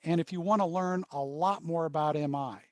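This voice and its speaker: Trainer, male, high voice, dry close sound, phrased storytelling delivery. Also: no room sound. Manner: storytelling, pausing in short phrases. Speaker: workshop trainer. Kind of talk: workshop presentation.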